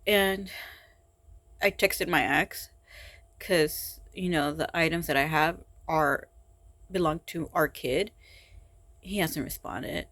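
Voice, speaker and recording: A woman speaking in a personal vlog, tired and frustrated, talking haltingly with many sighs and restarts. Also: sits low, a bit bright, no room sound. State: exhausted and frustrated. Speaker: vlogger.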